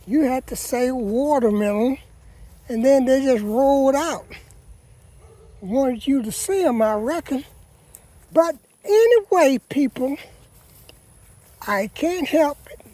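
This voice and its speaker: Folksy husky man in a garden. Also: very high-pitched, warm tone. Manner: folksy, chatty, keeps addressing viewers as "people". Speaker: gardening vlogger. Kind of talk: casual garden walkabout vlog. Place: outdoor vegetable garden.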